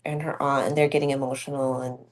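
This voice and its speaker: A woman's voice: rumbling low, level tone, fast. A woman who works as a doula and student midwife, telling an emotional birth story in a casual podcast conversation. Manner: heartfelt storytelling, emphatic.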